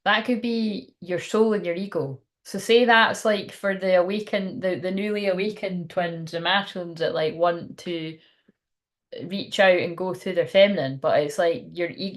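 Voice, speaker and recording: A woman's voice: on the low side, normal speed. A woman doing a live card reading for her viewers. She rambles and thinks aloud in a chatty, informal way. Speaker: tarot card reader.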